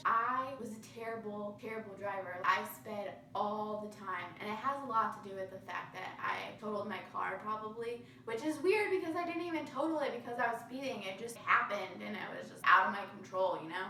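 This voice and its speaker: A bright, high-voiced young woman chats frankly to camera, peppering her talk with "like" and little laughs. She sits back from the mic in a roomy, echoey space. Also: distant mic, slight background noise. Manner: chatty, frank, many "like"s, laughs often. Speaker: vlogger. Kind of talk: casual facts-about-me monologue.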